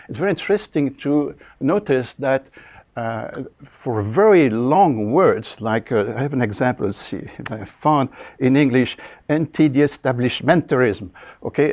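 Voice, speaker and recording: An older man with a French accent delivers a university lecture on speech. His voice sits at an ordinary middle pitch. He talks haltingly, with many fillers and frequent throat clearing. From France. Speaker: linguistics professor.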